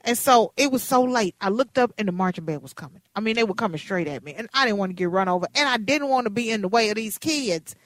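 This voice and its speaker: Animated woman in her fifties, dry sound. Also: mid-range voice, fast talker, few pauses, no echo. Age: 50s. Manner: animated, chatty storyteller. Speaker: radio host. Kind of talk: storytelling on radio.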